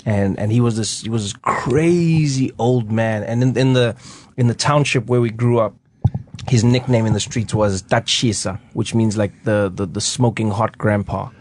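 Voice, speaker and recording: A man's voice: on the low side, steady tone, normal speed, darkish tone. A man with a South African accent, a guest comedian telling stories on a radio talk show. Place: radio studio.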